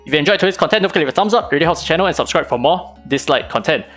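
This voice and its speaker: Fast-talking man explaining game tactics. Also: on the high side, animated, fairly bright tone, soft background music. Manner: casual, analytical, fast-talking with fillers. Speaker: gaming channel host. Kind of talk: game guide commentary.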